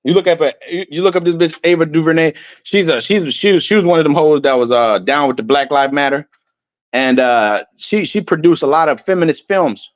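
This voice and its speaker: Guy ranting loud n profane, keeps stuttering on words, dry muffled lo-fi mic. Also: on the high side, a little fast, no echo. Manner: loud, emphatic and profane, stammers with repeated words. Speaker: online commentator. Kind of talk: ranting commentary reading definitions aloud. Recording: dull lo-fi dry sound.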